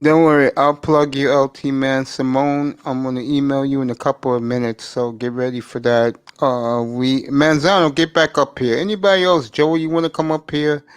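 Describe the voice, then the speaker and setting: A man's voice: medium pitch, level tone, moderate pace, hardly any pauses, clear, resonant tone, no room sound, studio quality. A man hosting a casual live chat show, often stammering and repeating words. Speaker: host.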